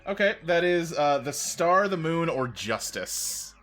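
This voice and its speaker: A man's voice: on the high side, animated, a little slow, fairly bright tone, soft background music. A man running a tabletop game as game master, easygoing and chatty.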